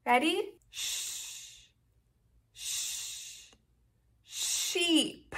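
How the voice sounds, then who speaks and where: A woman hosting a toddler learning video, speaking slowly and sounding out words in an exaggerated teaching manner. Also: very high voice, sing-song, sharp tone. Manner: slow, exaggerated, sing-song teaching to toddlers. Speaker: children's educational video host. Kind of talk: toddler speech lesson.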